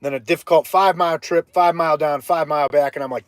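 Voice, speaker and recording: A man spins a hiking tale on his live stream, chatty and animated, breaking off now and then to greet viewers. His voice sits a little high. The sound is close and dry, with no room echo. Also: fast. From Ohio. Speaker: livestreaming vlogger. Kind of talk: casual live-stream storytelling.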